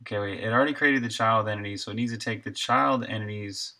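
A man's voice: lowish voice, fast, pushed and bright. A man who makes games alone, thinking aloud in half-finished sentences while he codes on a live stream and perks up to greet chat. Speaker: solo game developer streaming.

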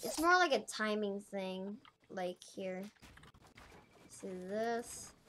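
This gaming channel host has a medium-pitched voice that is expressive, slow, pushed and bright. Talking through a casual gameplay tutorial, she thinks aloud and corrects herself as she rambles, over noisy keyboard clicks.

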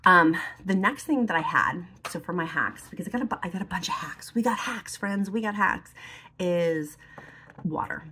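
Woman vlogger, low husky voice, chatty, does makeup on camera. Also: lively intonation, normal speed, sharp tone. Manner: chatty, emotional, lots of fillers like "like". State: teary, tearful. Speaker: beauty and lifestyle vlogger. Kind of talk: casual chat while doing makeup.

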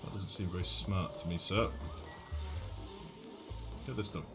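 A man with a low voice and a generic northern English accent talks through a game stream in a loose, rambling way, answering chat and swearing casually. Game music plays clearly behind him. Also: measured pace. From northwest England. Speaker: gaming streamer. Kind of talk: casual gameplay commentary, reading chat.

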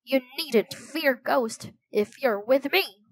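A woman's voice: high-pitched, slow pace, dry recording, voice pushed up, heavily acted. Woman reading as a polite, cheerful young man. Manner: polite, old-fashioned, grinning. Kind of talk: storybook reading.

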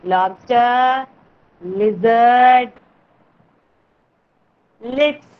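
A woman teaching letter sounds to small children in an online class, slow and coaxing, repeating words for them. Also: a little high, clean tone. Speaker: kindergarten teacher. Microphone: video call. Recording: dull lo-fi video call audio.

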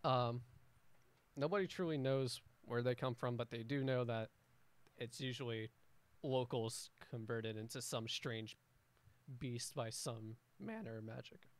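A young man acting as game master narrates a homebrew tabletop game in a medium-pitched voice, speaking casually and haltingly with many restarts.

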